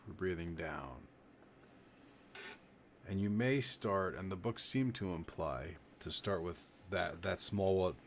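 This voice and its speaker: A man leading a live-streamed breathing lesson, talking in a relaxed, rambling way and demonstrating as he goes. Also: sits low, slight background noise. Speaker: livestream meditation teacher. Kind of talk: casual live-stream instruction.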